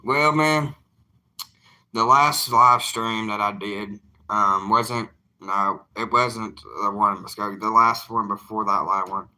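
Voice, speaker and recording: A young man with a drawl chats on a livestream as an evangelist. He is plainspoken and defiant, and his low-pitched voice carries a strikingly bright, cutting tone. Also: slow. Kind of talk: casual livestream talk to viewers.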